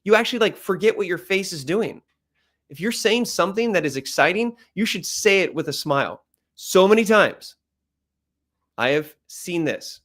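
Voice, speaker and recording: In an animated presentation on how to pitch, a man talks with high energy and volume. He shifts his pace, loudness and pitch on purpose whenever he wants to make something stand out.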